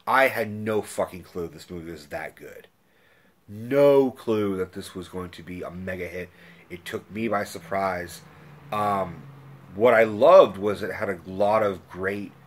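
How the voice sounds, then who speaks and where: A man rants casually about movies in a slightly low voice. He gets excitable and swears freely, rambling through restarts and fillers as his thoughts tumble out. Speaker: movie reviewer. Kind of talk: casual rant.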